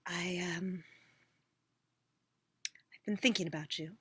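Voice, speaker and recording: A woman voicing a clingy, lovesick woodpecker in a live improv comedy scene, speaking in a hushed, breathy, pleading way. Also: fairly low pitch, steady tone, takes it slowly, no echo, heavily acted. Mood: yearning.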